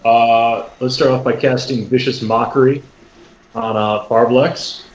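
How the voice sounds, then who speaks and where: A man's voice: medium pitch, steady tone, unhurried. A man playing a tabletop game, calling his rolls in a matter-of-fact way. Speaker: player. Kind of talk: casual tabletop play. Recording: roomy dull audio with faint music.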